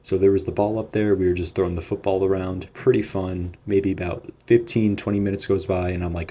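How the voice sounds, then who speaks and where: A man's voice: sits low, steady tone, brisk, warm tone, slight background noise. A young man telling a storytime vlog in a casual, rambling, profane way. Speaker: vlogger.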